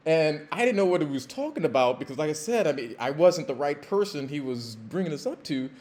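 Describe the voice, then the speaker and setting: A man hosting a podcast, telling a casual story in a rambling, halting way with many fillers and restarts. He is a former pro football player. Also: on the high side, animated, a little mellow.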